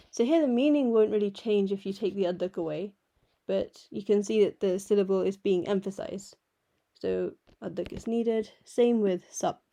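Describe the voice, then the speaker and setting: Patient woman teacher, unhurried delivery, soft mellow tone, repeats each word. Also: medium pitch. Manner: patient, explains each letter and repeats words slowly. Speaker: language teacher. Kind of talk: slow step-by-step alphabet lesson.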